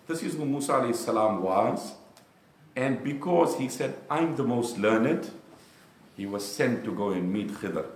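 A middle-aged man preaching a sermon, animated and storytelling, shifting from hushed to loud. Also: medium pitch. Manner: animated, swings from hushed to loud, addresses listeners as bro. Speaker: imam and lecturer. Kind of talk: lively sermon with storytelling and humor. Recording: echoey room.

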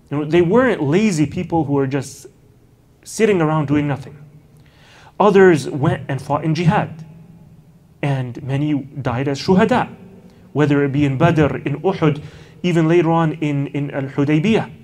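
Man with a higher voice, lecturing steadily. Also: darkish tone. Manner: unhurried storytelling with frequent Arabic honorifics; measured, with occasional "you know" asides. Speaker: Islamic lecturer. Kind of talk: lecture on early Islamic history.

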